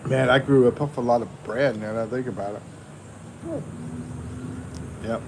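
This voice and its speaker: A man's voice: mid-range voice, unhurried, heavy background noise. Laid-back Texan man on a home livestream. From USA. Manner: laid-back, chuckling, reads viewer comments. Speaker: livestream host. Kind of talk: casual livestream chat.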